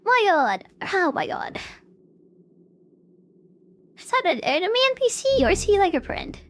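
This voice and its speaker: Woman streamer, high and bouncy pitch, casual play-by-play gaming chatter. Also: very animated, a little slow, a bit bright. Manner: chatty, filler-heavy, talks to chat.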